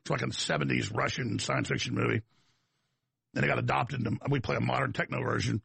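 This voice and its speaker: A man's voice: medium pitch, steady tone, brisk, vocal fry, fairly bright tone, slightly rough, dry recording. A man with a Texas accent, hosting a talk show in a rambling, combative, folksy monologue that wanders off on tangents.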